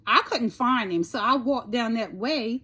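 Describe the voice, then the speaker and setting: A chatty woman with a slightly high voice recounts a trip in a loose, rambling storytime style. She swears casually and keeps checking in with "right?", speaking. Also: unhurried, bright, forceful tone, slightly rough. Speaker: storytime vlogger.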